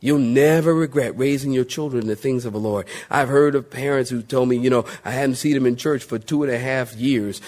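A pastor preaching a sermon in a folksy, animated way, calling on the congregation to answer back. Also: male voice, mid-range voice, fairly quick, hardly any pauses.

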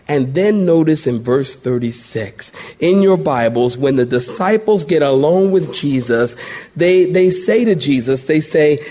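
A man's voice: fairly high pitch, moderate pace. A middle-aged man, preaching a verse-by-verse sermon live in church and calling for responses from the congregation. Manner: animated, call-and-response with congregation. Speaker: pastor. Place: church sanctuary.

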